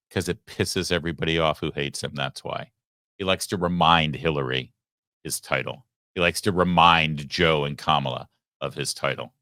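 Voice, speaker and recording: This is a man with a low voice and a bright, driving edge, hosting a political show. He delivers opinionated news commentary with emphasis and dry sarcasm, close to a dry microphone. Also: no room sound. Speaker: political talk show host.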